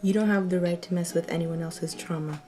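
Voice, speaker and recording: A young woman giving casual, expressive commentary on a TV episode, sighing and laughing often. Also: lowish voice, a little fast. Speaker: TV reaction vlogger.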